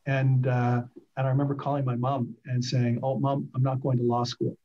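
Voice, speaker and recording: A middle-aged man from Canada telling stories in a casual interview, animated and acting out quoted voices. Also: medium pitch, normal speed, muffled recording. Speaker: guest.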